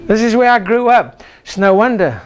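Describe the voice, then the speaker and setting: Older guy preaching at a chiropractic seminar, pitch jumping all over, big exclamations, gets the room chanting back. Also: normal speed. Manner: animated, exclamatory, leads the crowd in call-and-response chants. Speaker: chiropractor giving a seminar talk. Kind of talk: motivational seminar talk. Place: lecture room with a live audience.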